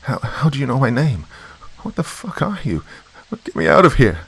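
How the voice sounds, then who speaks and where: A man's voice: medium pitch, big pitch swings, very fast, mellow, slightly rough, no echo, pitched above the performer's own voice. A man voicing a terrified young woman trapped in an asylum, speaking desperately in a trembling voice.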